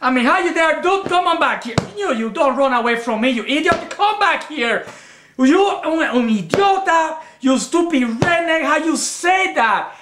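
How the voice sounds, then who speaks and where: An actor playing an excitable husband, stammering and firing off insults. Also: male voice, high voice, moderate pace, reverberant, noisy background. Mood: furious. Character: excitable Cuban husband caught lying.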